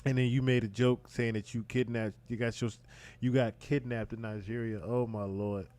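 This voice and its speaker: A man's voice: mid-range voice, flat delivery, moderate pace, darkish tone. A man hosting casual reaction commentary, blunt, incredulous and exasperated in tone. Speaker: commentary host.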